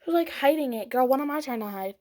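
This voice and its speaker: A woman's voice: high-pitched, lively intonation, fast talker, a little mellow. A young woman telling a dramatic storytime about a fight, with whispered asides and acted quotes. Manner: dramatic retelling, whispering asides, quoting in voices. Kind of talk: storytime vlog.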